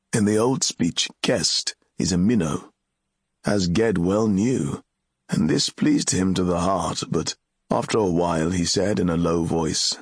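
A man narrates a fantasy tale in a measured, solemn way. His deep voice has a gravelly, husky texture and moves slowly. The close recording is dry and free of room sound. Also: no room sound. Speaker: audiobook narrator.

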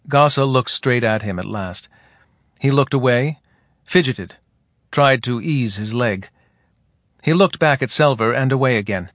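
A male audiobook narrator reads a novel in slow, even storytelling. The scripted narration is at medium pitch, with a dry, studio-quality recording.

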